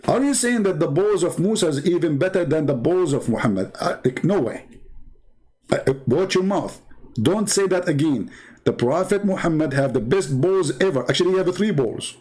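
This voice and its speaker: A man's voice: on the high side, expressive, moderate pace, a little mellow, slightly rough. A man who is not a native English speaker, hosting a commentary show in a mocking, sarcastic tone and broken English. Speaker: show host.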